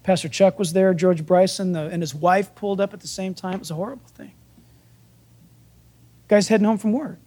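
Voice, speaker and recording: A man's voice: high voice, fairly quick, long pauses. A man preaching a sermon in a conversational, folksy way, acting out the voices in the stories he tells. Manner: animated, acts out biblical dialogue. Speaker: pastor.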